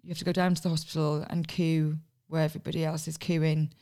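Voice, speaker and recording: A woman telling her own life story on a podcast, frank and animated, often acting out what was said. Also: low voice, fast talker, smooth. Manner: frank, animated, acts out past dialogue. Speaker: podcast founder and guest. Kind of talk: candid personal storytelling.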